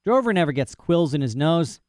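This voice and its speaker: A man voicing a gruff, impatient rancher who scolds his dog in an audiobook. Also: a little high, sing-song, brisk, darkish tone, no room sound, clean studio sound, pitched above the performer's own voice. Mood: exasperated. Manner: scolding, weary. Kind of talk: audiobook character voice.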